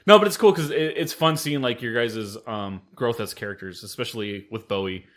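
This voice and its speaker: A man hosting a casual podcast, talking in animated bursts with plenty of fillers, restarts and swearing. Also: medium pitch, a little fast. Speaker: podcast host and game master.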